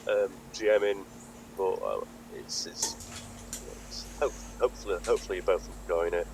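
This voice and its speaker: A man's voice: low voice, normal speed, vocal fry, background noise. A man from Britain who runs a tabletop game, chatting in a rambling way and laughing often. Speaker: game master. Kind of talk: casual tabletop chat.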